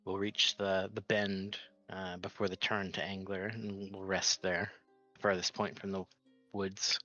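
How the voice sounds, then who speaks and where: A man narrating a tabletop role-playing game as game master, slow and halting with many restarts. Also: sits low, little pitch movement, pushed and bright, lo-fi sound, faint music behind.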